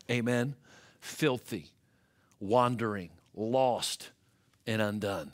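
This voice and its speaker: A male pastor with an American accent, preaching a sermon and swinging from hushed, low passages to loud, climbing ones. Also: takes it slowly. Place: church sanctuary.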